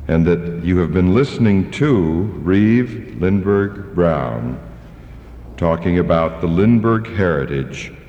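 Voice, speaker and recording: A man with a very deep, unhurried voice moderates a public forum in a church. His phrasing is measured and formal. The sound is roomy with a long reverb and a dull, slightly lo-fi radio quality. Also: dark tone, a little hiss or hum. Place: large church hall.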